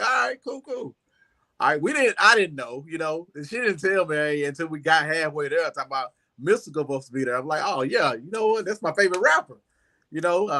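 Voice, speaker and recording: A man, a music artist telling a rambling, animated story as an interview guest, often saying "you know.". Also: on the high side. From Southern United States.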